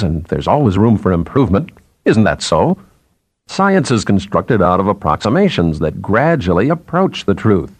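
A man's voice: on the low side, dry recording, exaggerated voice. A man voicing a blunt, pressing journalist. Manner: pressing, challenging questions. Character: probing male journalist, blunt and persuasive.

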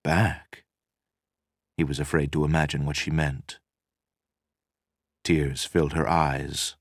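A man reading a novel aloud as narrator, measured and dramatic. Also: rumbling low, flat delivery, vocal fry, slightly rough, no echo, clean studio sound. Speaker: audiobook narrator. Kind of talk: scripted narration.

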